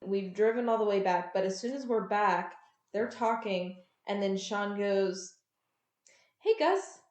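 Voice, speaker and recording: A chatty woman with a voice of middling pitch recaps a TV episode in casual podcast talk. She acts out the characters' lines in a lively way, and her voice rings a little in a roomy, echoing space. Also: unhurried. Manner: chatty, animated, acts out quotes. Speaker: podcast co-host. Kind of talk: casual chat recapping a show.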